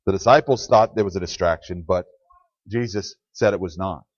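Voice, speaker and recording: Low-voiced and speaking at normal speed, a pastor preaches conversationally in church, answering in plain language the questions he asks his congregation. No room sound is present, and the recording is dry, dull and lo-fi.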